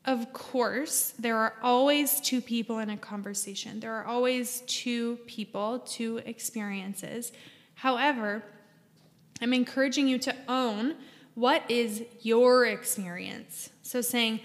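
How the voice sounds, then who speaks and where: Earnest higher-voiced woman in a reverberant room. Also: takes it slowly. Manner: earnest, emphatic, coaching listeners directly. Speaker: podcast host. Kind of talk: casual advice monologue.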